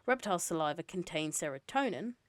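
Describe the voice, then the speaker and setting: A woman streamer reads a novel aloud to her chat, her voice a little lower than most. She narrates steadily and drops into casual, sometimes sweary asides. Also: lively intonation, brisk, dry recording, low-quality recording.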